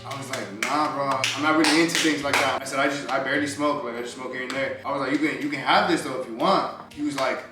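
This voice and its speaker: A man's voice: mid-range voice, fast talker, few pauses, distant mic. A young man casually telling a story on a vlog, acting out what people said, with slangy speech. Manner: animated storyteller, acts out quotes, slangy. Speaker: vlogger. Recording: echoey room, voice off-mic, music behind.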